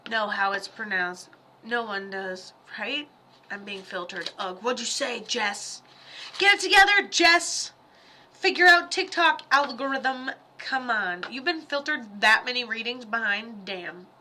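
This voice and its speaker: A woman giving live psychic readings on a stream, chatty and rambling, with quick asides and quoted voices. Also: a little high, bright, forceful tone, slight background noise. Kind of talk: casual livestream readings.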